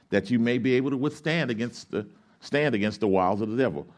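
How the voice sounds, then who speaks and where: A man's voice: mid-range voice, fast talker. A male pastor preaching a sermon. He reads scripture aloud, explains it like a teacher, and asks the congregation questions for them to answer back. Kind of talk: sermon with call-and-response.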